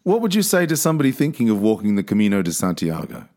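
A man hosting a podcast interview, asking questions and thanking his guest in an appreciative, expressive way. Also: lowish voice, fast. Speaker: podcast host.

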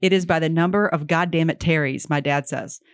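A woman co-hosting a podcast in casual chat, making deadpan jokes and telling stories in an animated way. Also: sits low, fairly quick, smooth, no room sound, clean studio sound. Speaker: podcast co-host.

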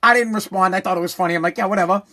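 A man's voice: sits high, rapid-fire, sharp tone. A man in his forties, a talk host telling a rambling, profane, repetitive story in a casual monologue. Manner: rambling, profane, repeats himself, emphatic.

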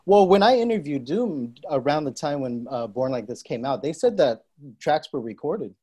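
A man hosting a casual group chat, relaxed and quick to agree with the others. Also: a little high, husky. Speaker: podcast host and interviewer.

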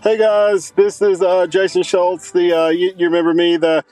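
Man doing a hungover young guy on a voicemail, high, monotone, halting, faint music under it. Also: natural voice, low-quality recording. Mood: groggy. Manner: rambling, halting, groggy. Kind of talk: prank voicemail skit.

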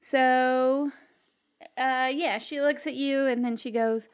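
Woman game master, slow, fairly high voice, casual narration. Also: fairly even intonation, clean tone. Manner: unhurried, with many fillers.

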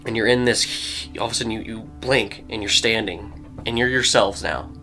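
A man's voice: on the low side, fairly even intonation, a little fast, bright, forceful tone, faint music behind. A man narrating as game master of a tabletop role-playing game, casual and vivid, with many filler words.

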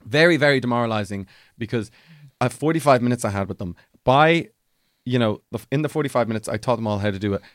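Animated Irish man telling stories. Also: quick pace, dry recording, studio quality. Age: young adult. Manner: animated storyteller, acts out exchanges in bright high voices. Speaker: podcast co-host. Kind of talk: casual chat.

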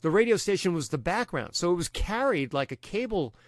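A man with a Long Island New York accent chats as a radio DJ guest, telling quick stories with little asides. His voice sits a bit high for a man. The sound is close and dry, from a home studio mic. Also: big pitch swings, no room sound. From Brooklyn, New York. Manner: chatty storyteller, quick asides. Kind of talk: casual interview chat. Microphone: studio microphone.

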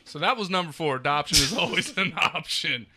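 A man's voice: fairly high pitch, expressive, brisk, noisy background. A man co-hosting a podcast, ranting profanely in a mock-angry way about raising his kids. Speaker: podcast co-host. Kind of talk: crude comedic podcast chat. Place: studio.

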